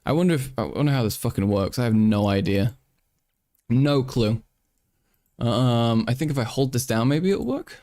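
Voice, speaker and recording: A man hosting a live stream in casual chat, playful and crude, jumping into sudden high-pitched exclamations. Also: animated, a little slow, darkish tone, dry recording, clean studio sound. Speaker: livestream host.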